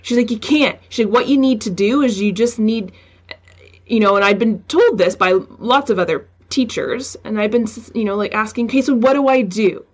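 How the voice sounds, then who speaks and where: A woman hosting a casual podcast interview, animated and quick, often slipping into quoted asides. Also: mid-range voice. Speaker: podcast host.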